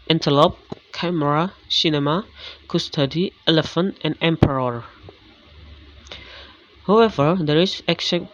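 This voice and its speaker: A man's voice: on the high side, a bit bright, a little hiss or hum. A man reading a lesson on English word stress aloud, with frequent restarts on words. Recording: dull lo-fi recording.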